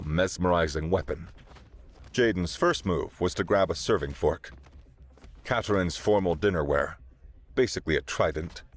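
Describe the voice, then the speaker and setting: A man narrating a sci-fi story in a steady, dramatic way. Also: deep voice.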